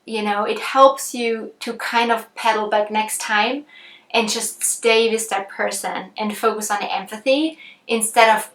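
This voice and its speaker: A woman teaching about empathy in a relaxed, conversational way, thinking aloud with frequent ums and restarts. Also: medium pitch, measured pace. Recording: roomy echo.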